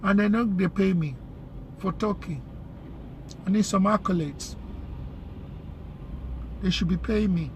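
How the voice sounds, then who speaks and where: A vlogger with a Nigerian accent chats casually while driving, rambling along in street slang. His voice is high, a little slow, with frequent pauses. Recorded inside a car in city traffic, the clip carries loud road and traffic noise.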